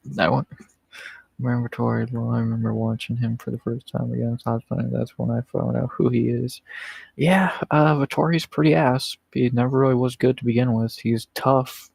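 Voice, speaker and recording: A man's voice: mid-range voice, steady tone, moderate pace, vocal fry, darkish tone, husky, no room sound, poor audio. A man hosting a livestream in casual, profane, rambling chat, chuckling often. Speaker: livestream host.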